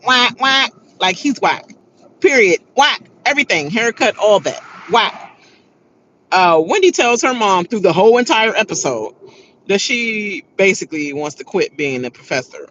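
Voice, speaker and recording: Lively, bright-voiced woman recapping TV. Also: lowish voice, muffled recording, slight background noise. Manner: animated and slangy, laughs often. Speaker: reality TV recap host. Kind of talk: casual TV recap and rant.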